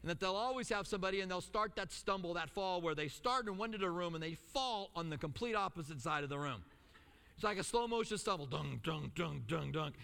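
A middle-aged male pastor preaching a sermon, telling stories with lively asides and acting out the quotes. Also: high voice, quick pace, clear, resonant tone, long reverb tail. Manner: animated storytelling with acted-out quotes and asides.

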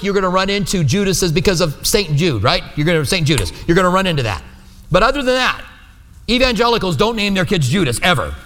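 Long hall reverb surrounds a male pastor teaching a sermon, his voice high and fairly bright. He speaks conversationally and often invites the room to agree with him.

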